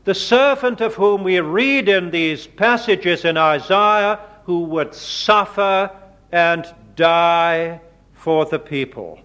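Slow, high-voiced male preacher. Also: a bit bright, smooth. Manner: slow, deliberate preaching with dramatic emphasis on quoted words. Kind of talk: sermon. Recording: dull lo-fi sermon recording.

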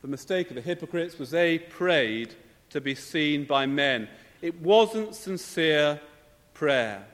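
A man preaching a sermon in a measured, emphatic way, often posing rhetorical questions. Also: a little high, lively intonation, fairly bright tone. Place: church. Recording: long church reverb.

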